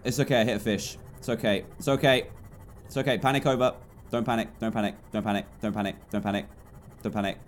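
He's a fast-talking gaming YouTuber from England, in his twenties, holding a steady tone over a faint hiss or hum. Chatty and jumpy, he narrates his own gameplay, dropping into low mutters and bursting into loud yelps.

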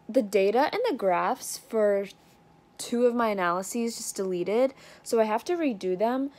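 Chatty young woman, slightly high voice. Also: darkish tone. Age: young adult. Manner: chatty and self-deprecating, with frequent laughs. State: isolating with coronavirus, no symptoms. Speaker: student vlogger. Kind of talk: casual daily video diary.

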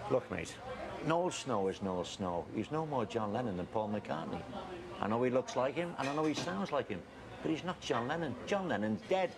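An actor playing a defensive middle-aged farmer with a Liverpool accent who keeps calling people mate. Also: male voice, mid-range voice, moderate pace, gravelly, a crowd in the background. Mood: earnest. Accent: Liverpool (Scouse). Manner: blustering, animated, calls people mate. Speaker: farmer, cousin of a lookalike. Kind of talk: film acting. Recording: film audio with background noise.

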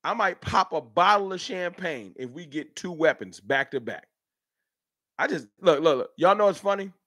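Animated man hosting a fan livestream. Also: sits high, normal speed, no echo, clean studio sound. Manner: animated, slangy, talks to chat by name. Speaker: livestream host. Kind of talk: casual fan livestream talk. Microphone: streaming setup.

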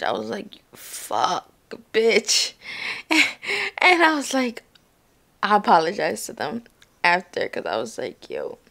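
Young woman vlogger, gravelly, in pain and worn out, blunt slangy talk with swearing, home recording. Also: mid-range voice. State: in pain after surgery, worn out. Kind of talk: casual chat to camera.

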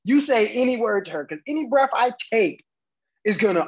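A man's voice: high voice, lively intonation, normal speed. A man co-hosting a podcast, blunt and joking in casual chat, laughing often. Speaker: podcast co-host.

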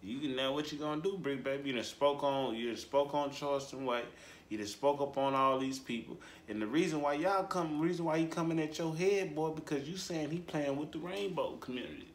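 Guy doing a loose reaction rant, drawly, keeps repeating stuff, squeaks up high on the big bits, roomy echo. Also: brisk. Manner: animated, drawling, repetitive, voice jumps high for emphasis. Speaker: commentary host. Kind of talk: casual reaction commentary.

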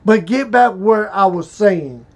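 Slow, halting high-voiced man. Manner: slow, halting and emotional, with restarts. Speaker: vlogger. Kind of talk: personal confessional vlog.

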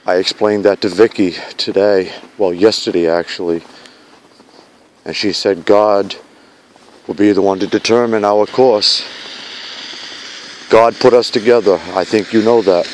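A man with a low, even voice records an earnest message on his phone while walking through a snowy park at night. He pleads and repeats his vows steadily, with little rise and fall, and faint hiss sits under his words. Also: a little slow, long pauses. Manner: earnest, pleading, vow-like repetition. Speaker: vlogger addressing his fiancée. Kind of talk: heartfelt spoken video message.

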